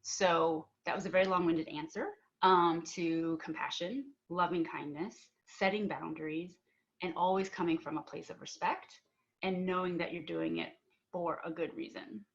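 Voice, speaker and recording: A woman's voice: fairly low pitch, steady tone, normal speed, gravelly, lo-fi sound. A young adult woman on a panel, earnestly telling a personal story and acting out both sides of an argument, with filler words and restarts. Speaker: panel speaker.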